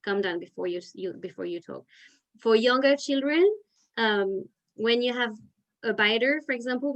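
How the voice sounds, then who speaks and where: A woman's voice: a little high, poor audio. A woman teacher leading a parent education session over a video call, talking in a chatty, filler-heavy way. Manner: chatty, with many "like" fillers and restarts. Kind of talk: casual explanatory talk.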